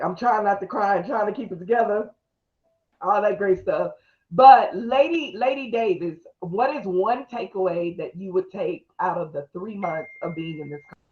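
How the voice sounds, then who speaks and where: A woman hosting a mentorship call, excitable and emotional, calling on guests for their takeaways. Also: medium pitch, reverberant, dull audio. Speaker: host and mentor. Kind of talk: casual video call chat.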